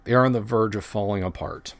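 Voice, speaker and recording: A man's voice: on the low side, brisk, gravelly, slight background noise. Rambling middle-aged man hosting a livestream. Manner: rambling, self-correcting, chatty. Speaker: livestream host. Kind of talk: casual livestream chat.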